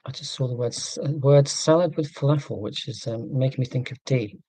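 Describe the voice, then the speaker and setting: Rambling, warm-voiced man. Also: medium pitch, a little fast, no room sound. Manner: rambling, self-deprecating, wry. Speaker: YouTuber answering viewer comments. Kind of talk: casual rambling live chat.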